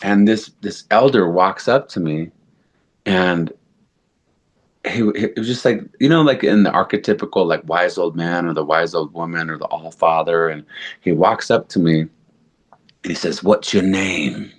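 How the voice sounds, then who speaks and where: A man as a podcast guest, telling a personal story in a casual, animated way, acting out quotes with lots of fillers. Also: sits low, normal speed.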